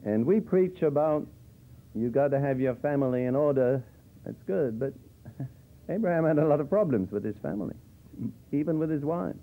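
A man's voice: fairly high pitch, animated, normal speed. A man teaching from the Bible in a conversational sermon style with dry humor, explaining verses as he goes. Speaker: preacher. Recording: tinny phone-like old tape.

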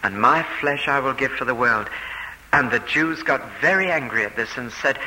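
A man's voice: medium pitch, normal speed, pushed and bright, in a large hall, rough recording. A man preaching a sermon, explaining a passage step by step with emphatic repetition and quoted speech.

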